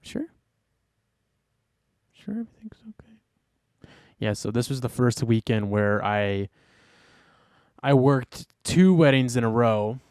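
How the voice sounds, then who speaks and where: A man's voice: medium pitch, measured pace, a little mellow, smooth, no room sound. A tired man co-hosting a podcast in casual chat, rambling with fillers and restarts. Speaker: podcast co-host.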